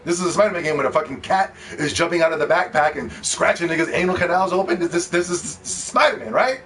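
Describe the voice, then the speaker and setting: Profane ranting male streamer, slightly high. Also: expressive, fast, recorded from a distance. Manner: loud, profane, mocking ranting. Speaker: streamer reacting to a review. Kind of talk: live-stream reaction rant.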